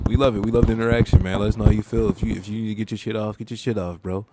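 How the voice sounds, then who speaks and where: A man co-hosting a podcast in casual chat, relaxed and slangy, laughing often. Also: fairly low pitch, rapid-fire, heavy background noise. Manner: laid-back, laughs often, slangy street talk. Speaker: podcast co-host.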